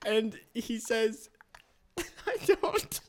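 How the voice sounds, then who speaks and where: A man playing a hapless oddball called Larry Poppins in an improvised comedy interview, rambling, halting and giggling through his stories. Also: extremely high pitch, very animated, full character voice. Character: hapless male Larry Poppins, odd drifter.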